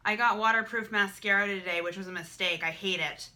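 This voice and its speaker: A woman's voice: medium pitch, brisk, sharp tone. A young woman talking candidly to camera in a vlog, emotional and repetitive, swearing freely. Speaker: vlogger.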